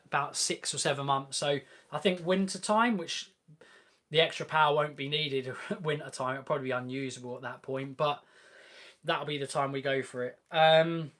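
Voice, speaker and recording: Young male host, fairly high voice, casual and upbeat car-chat delivery, lots of ums. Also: a bit bright. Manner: chatty and enthusiastic, many ums and restarts. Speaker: host of a car channel live Q&A. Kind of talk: casual live-stream Q&A chat.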